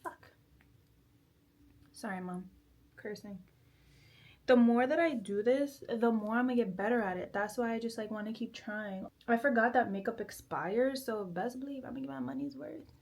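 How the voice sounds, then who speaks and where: On the high side and a bit creaky yet slightly mellow, this woman's voice moves at a normal speed. She's a vlogger in her twenties, chatty and giggly with a self-deprecating streak, talking casually as she does her makeup in her bedroom.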